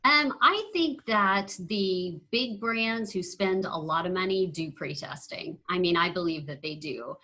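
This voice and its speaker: A woman speaks on a discussion panel. Her voice is bright and sharp, and she talks in a chatty way, circling back to her points and laughing easily. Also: on the low side, unhurried, few pauses, low-quality recording. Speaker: panel guest, marketing analyst.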